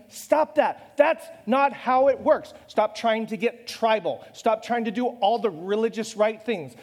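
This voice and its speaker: A man's voice: very high voice, darkish tone, long reverb tail. A man preaching a sermon in a loose, conversational way, joking at his own expense and firing off rhetorical questions. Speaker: pastor.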